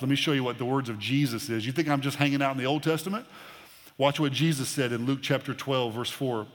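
A man's voice: medium pitch, fairly even intonation, fast. Earnest male pastor preaching in a hall. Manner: earnest, repeats words when starting phrases. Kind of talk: sermon.

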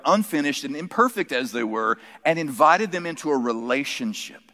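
Man preaching in a reverberant hall. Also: on the high side. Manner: storytelling, drops to soft emphatic quotes. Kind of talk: sermon. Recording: long reverb from a large hall.

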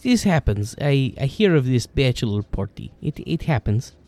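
A man's voice: mid-range voice, sing-song, normal speed. A man voicing a blunt, jovial man who speaks clipped, broken English. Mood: teasing.

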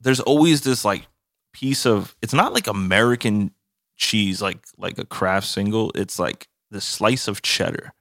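A man's voice: lowish voice, measured pace, vocal fry, a bit bright, no room sound, clean studio sound. A man co-hosting a casual podcast, telling stories in a loose, profane way with lots of filler words. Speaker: podcast co-host. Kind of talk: casual chat.

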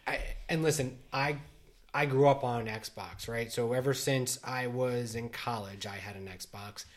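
A man's voice: mid-range voice, steady tone, a little slow. Middle-aged male podcast co-host, rambling, filler-heavy casual delivery. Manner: rambling, many restarts and "like" fillers. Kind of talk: casual chat.

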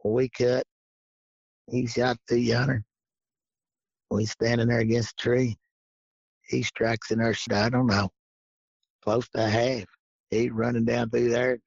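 A man's voice: medium pitch, flat delivery, unhurried, creaky, long pauses, dry recording. A man telling a rambling, folksy hunting story and acting out what each person said, on a dull lo-fi recording. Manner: folksy, rambling, acts out quoted dialogue. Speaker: guest telling hunting stories. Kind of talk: casual storytelling. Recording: dull lo-fi sound.

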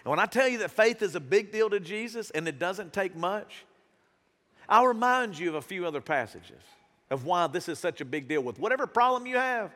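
A pastor delivers a sermon in a high, bright voice that swoops and climbs as he acts out the people in the story. His talk is casual and full of slang. The sound rings with the long reverb of a church hall. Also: brisk. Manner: animated, acts out Bible characters in voices; casual slang, southern-tinged phrasing.

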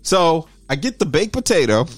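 A man with a lively, swooping voice spins a story in loose, casual chat. He sits a little higher than most men and jumps between the people he quotes. Faint music plays underneath. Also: moderate pace, no room sound. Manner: animated, acts out everyone in the story.

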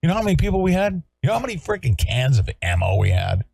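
A man hosting a talk show with a gravelly, husky voice that swings widely in pitch. He rants in a combative, sarcastic way. The sound is close and dry. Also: very animated, quick pace, no echo. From California. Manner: loud, combative, sarcastic ranting. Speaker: show host. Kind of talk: heated talk-show rant.

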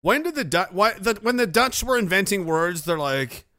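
A man from Nova Scotia hosts a casual livestream and talks loosely in a rambling, profane, joking way. His voice sits a bit high and sounds bright and forward. The recording is dry and close, with no room sound. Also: expressive, moderate pace, dry recording. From Nova Scotia, Canada. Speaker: livestream host. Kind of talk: casual livestream chat reading viewer messages.

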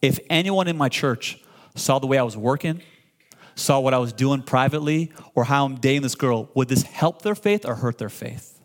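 A man in his forties preaching a sermon, animated and full of call-and-response, often stammering and repeating words when excited. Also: medium pitch, normal speed. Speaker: pastor.

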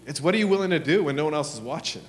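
A man preaching a sermon, telling a story with lively acted lines, then dropping into hushed prayer. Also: a little high, very fast. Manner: animated storytelling, acts out his own and God's lines, drops to hushed prayer. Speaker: pastor. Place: church hall. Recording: long hall reverb with soft music.

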